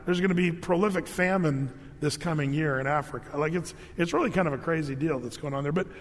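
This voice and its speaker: Preacher, male, high voice, chatty storytelling sermon in a reverberant hall. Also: fast. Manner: storytelling, animated with jokes and asides. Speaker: pastor.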